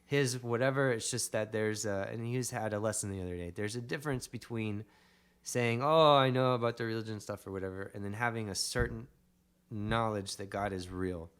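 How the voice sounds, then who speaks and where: A man's voice: fairly low pitch, fairly even intonation, normal speed, smooth. A young adult man, a podcast guest, telling a rambling story in casual conversation with emphatic bursts.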